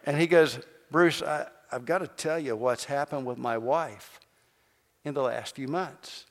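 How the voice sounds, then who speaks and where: A man preaching as pastor, telling a story and acting out the people in it. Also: fairly high pitch. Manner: animated storyteller acting out quoted voices. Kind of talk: sermon storytelling. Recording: long hall reverb.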